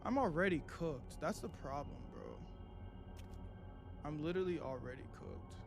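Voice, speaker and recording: A young man with a high, bright voice comments live on a horror game he is playing. He gets jumpy and excitable, swears freely and repeats the same line over and over when scared. Soft music plays faintly under his voice. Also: moderate pace, vocal fry. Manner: panicky, excitable, swears often, repeats himself. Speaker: streamer.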